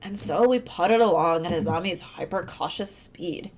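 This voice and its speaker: A young woman live-streaming a dating sim, commenting casually, reading lines aloud and breaking into high laughter. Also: normal speed, a little mellow, slight background noise. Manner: giggly, bursts into high laughter. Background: faint game music.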